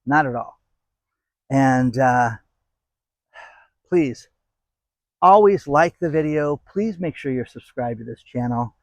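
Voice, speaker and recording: A man's voice: mid-range voice, takes it slowly, pauses often, dry recording. A man hosting his own channel, talking casually to viewers and driving his points home with repeated "okay?". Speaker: channel host. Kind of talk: casual commentary to camera.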